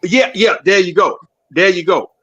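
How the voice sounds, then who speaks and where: Bright-voiced man rambling about sports. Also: high-pitched, a little hiss or hum. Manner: rambling, lots of fillers and restarts, quick. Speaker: podcast co-host. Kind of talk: casual sports talk.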